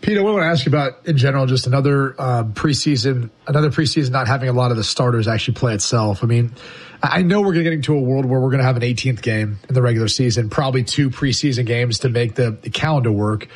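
Husky-voiced male sports radio host. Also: mid-range voice, fast talker. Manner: conversational, questioning.

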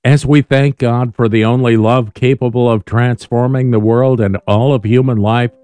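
A man giving a calm, measured scripted devotional reading as host of a daily prayer program. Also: medium pitch, clear, resonant tone, dry recording.

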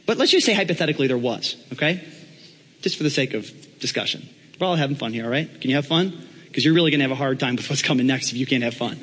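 A pastor preaches in a conversational way, joking with his congregation. His voice is husky and rises and falls a lot. A long reverb from a large hall follows him. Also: medium pitch, lively intonation, quick pace, a bit bright. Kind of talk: sermon.

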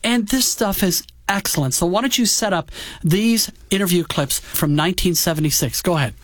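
A man co-hosts a music talk show with a high-pitched voice. He talks excitedly and throws in wry jabs. The sound is close and dry, with no room around it. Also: fairly quick, no echo. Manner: enthusiastic, wry and teasing. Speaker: podcast host. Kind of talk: casual chat.

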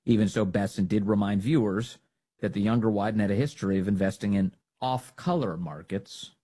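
A man's voice: fairly low pitch, fairly quick, dark tone, breathy edge. A man hosting a political commentary show, reacting to news clips in a mocking, opinionated way. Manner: mocking, laughs at his own jokes.

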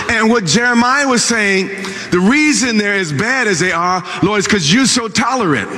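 A man preaching in a large church with a long reverb trailing his words. His voice sits high and bright, swinging widely in pitch as he delivers an impassioned, dramatic sermon. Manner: impassioned, dramatic preaching with sudden swells and drops.

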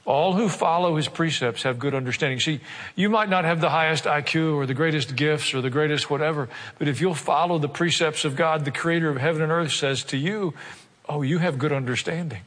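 A pastor's voice rings through a church sanctuary, its long reverb trailing every phrase. A man with a fairly high voice preaches earnestly, putting rhetorical questions to the congregation and slowing down when a point matters. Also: a bit bright. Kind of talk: sermon.

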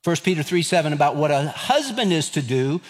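A man's voice: fairly high pitch, big pitch swings, brisk, long reverb tail. A man, preaching a sermon and telling a folksy story, acting out the voices in it. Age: 50s. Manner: folksy storytelling, acts out dialogue. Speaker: pastor.

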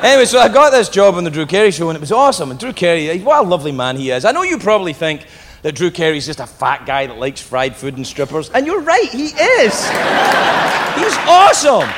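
A man doing stand-up, telling a story with sudden shouts and put-on voices. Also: a little high, quick pace. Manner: animated, swings into shouted put-on voices and laughs. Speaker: stand-up comedian. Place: comedy club stage. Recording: live in a hall with crowd and noise. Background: audience laughter.

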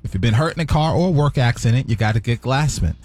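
Lively male radio co-host. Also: medium pitch, fast. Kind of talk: radio segment and ad read.

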